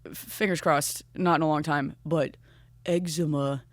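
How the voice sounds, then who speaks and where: A woman in her thirties, a comedian guest chatting on a podcast, expressive and swearing freely. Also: low-pitched, unhurried, dry recording, studio quality. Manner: expressive, swearing, laughs often. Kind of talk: casual chat.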